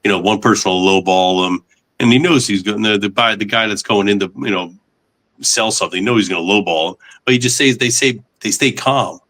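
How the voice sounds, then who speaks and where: Low-voiced man giving calm advice. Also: fairly quick. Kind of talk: casual podcast conversation.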